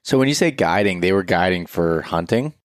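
A man hosting a casual interview, asking halting questions with many fillers. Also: sits low, expressive, no room sound, clean studio sound. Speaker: podcast host.

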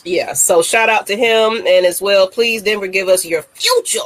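An excitable woman runs a laid-back sports talk show. She talks straight to her listeners and rallies them, with a mid-range voice. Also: medium pitch, moderate pace. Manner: excitable, hypes the audience. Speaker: host.

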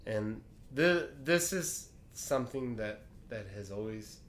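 A man casually telling a story, animated, swearing now and then and laughing through the tense parts. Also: medium pitch, slow pace.

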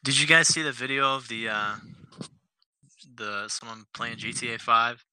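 A man co-hosting a podcast in casual chat, joking, laughing often and halting over fillers. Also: mid-range voice, sharp tone, clear, resonant tone, no echo. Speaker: podcast co-host.

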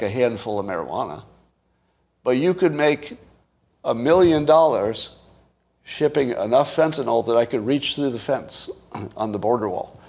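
A man's voice: mid-range voice, vocal fry, darkish tone. Blunt, profane male commentator. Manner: blunt, profane, rhetorical questions. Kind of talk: casual political monologue.

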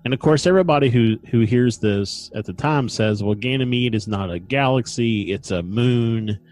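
A man co-hosting a casual podcast chat, relaxed and digressive, often pausing with ums and clearing his throat. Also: mid-range voice, soft background music. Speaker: podcast co-host. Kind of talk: casual chat about paranormal lore.

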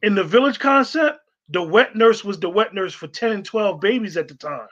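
Emphatic high-voiced man, lo-fi. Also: lively intonation, normal speed, fairly bright tone. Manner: emphatic, preachy, repeats for stress. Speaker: co-host. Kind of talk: casual online discussion. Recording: dull lo-fi sound.

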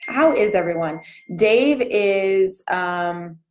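A woman's voice: mid-range voice, lively intonation, slow, roomy sound. Chatty woman talking through a cold sore. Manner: chatty, talking with barely opened lips. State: cold sore, speaking with a small mouth. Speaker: live stream host. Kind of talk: casual morning live stream chat.

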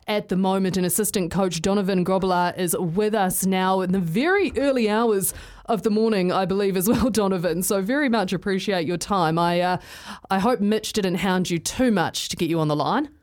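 Smooth-voiced woman sports radio host. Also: medium pitch, normal speed, darkish tone.

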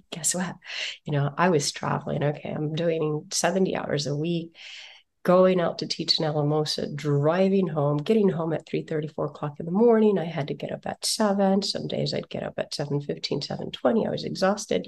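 Gravelly, animated woman telling stories. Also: deep voice. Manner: animated storyteller, acts out quotes. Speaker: parenting guest. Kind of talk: casual podcast conversation.

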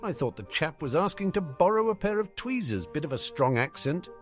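A man's voice: fairly high pitch, big pitch swings, fairly quick, soft background music, pitched above the performer's own voice. A man voicing a jovial, careless middle-aged gambler who talks in a breezy, sing-song way.

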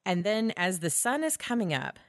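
A woman's voice: mid-range voice, sing-song, normal speed, dry recording, studio quality. A woman co-hosting a podcast, retelling film scenes with enthusiasm, swearing freely and acting out characters' lines. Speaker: podcast co-host. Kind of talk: casual film discussion.

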